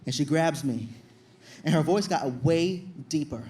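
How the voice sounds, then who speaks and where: High-voiced young man doing stand-up. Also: unhurried, a little hiss or hum. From Virginia, USA. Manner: animated storytelling, loud acted-out shouts. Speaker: stand-up comedian. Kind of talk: stand-up comedy performance. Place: comedy stage before an audience.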